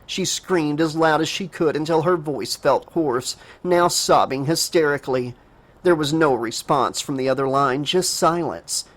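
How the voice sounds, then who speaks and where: A man narrating a horror audiobook dramatically, raising his pitch for a frightened girl's lines. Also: measured pace, a bit bright. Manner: emotive reading, voices the girl in a higher pitch.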